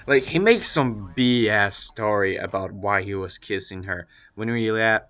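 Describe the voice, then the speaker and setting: A young man with a lowish voice recounts a story from his own life in a loose, rambling way. He swears constantly and breaks into animated, shouted rants. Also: unhurried, few pauses. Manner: animated, profane, ranting bursts. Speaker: vlogger. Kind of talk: casual storytelling.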